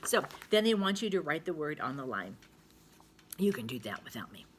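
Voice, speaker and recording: A middle-aged woman teaches a spelling lesson to young students. Her voice sits a little low, and she sounds out words slowly and repeats them. A faint hiss runs under the home recording. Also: big pitch swings.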